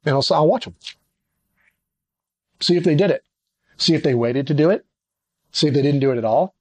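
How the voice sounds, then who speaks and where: A middle-aged man leads a casual teaching session on ministry leadership. His voice sits a little high and keeps jumping up as he acts out quick exchanges with volunteers. The sound is close and dry, with no room around it. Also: no echo. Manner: animated, acts out little dialogues with sudden pitch jumps. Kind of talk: conversational teaching talk.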